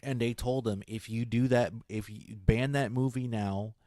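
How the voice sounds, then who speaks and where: A man's voice: medium pitch, steady tone, moderate pace, a little mellow, no echo. A man in casual chat, rambling with lots of fillers and restarts. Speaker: guest on a comic stream.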